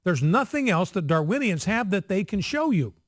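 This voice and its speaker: Insistent man with a lively, high voice. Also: normal speed, dry recording, clean studio sound. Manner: emphatic, repetitive, insistent, drills points by repetition. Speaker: radio host. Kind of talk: emphatic radio monologue. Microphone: studio microphone.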